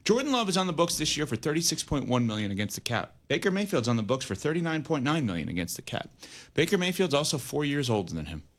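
A man with a fairly high speaking voice hosts a sports talk radio show from a studio. He argues his points with emphasis, firing off rhetorical questions and weighing both sides. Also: big pitch swings, fast talker.

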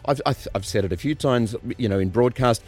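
A man's voice: medium pitch, brisk. A middle-aged man with an Australian accent, a guest news anchor chatting casually on radio and giving advice. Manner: relaxed, advising, lively delivery.

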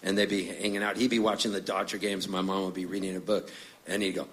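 A man's voice: lowish voice, quick pace, a bit bright. Chatty man telling jokey stage stories. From Canada. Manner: chatty, jokey, acts out voices in his stories. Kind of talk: storytelling stage banter.

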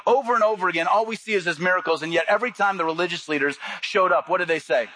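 A male pastor delivers a sermon in a bright, forceful voice pitched a little high. He reads scripture lower and softer, then jumps up when acting out other voices. The sound is dry and close. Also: fast talker, no room sound. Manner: earnest preaching, drops low and soft on scripture, rises when acting out quotes.

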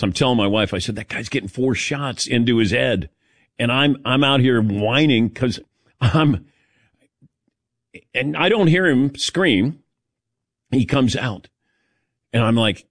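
Man telling animated stories on sports radio. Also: mid-range voice, a little slow, long pauses, dry recording, clean studio sound. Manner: animated storyteller, acts out quotes. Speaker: radio show host. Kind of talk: casual sports radio chat.

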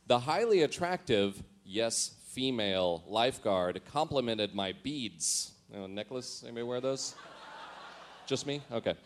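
A man giving a comic reading of his teenage diary. He mocks his own writing and laughs at himself as he goes. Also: mid-range voice. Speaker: storyteller.

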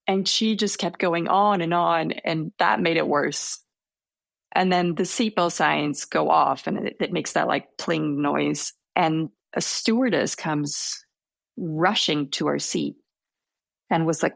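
Low, gravelly young woman telling a story. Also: unhurried, dry recording. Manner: hesitant, self-deprecating, quotes others in her story. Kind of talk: casual storytelling interview.

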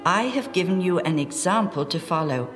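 A woman voicing a calm, gentle adult male teacher in a measured tone, in a read-aloud Bible story. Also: on the low side, long reverb tail, soft background music, lightly acted.

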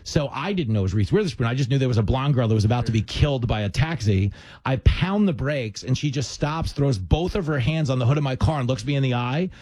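A man hosting a casual conversation, telling stories in a lively, joking way. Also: medium pitch, fast, no echo. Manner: animated storyteller, jokey asides. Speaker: podcast host.

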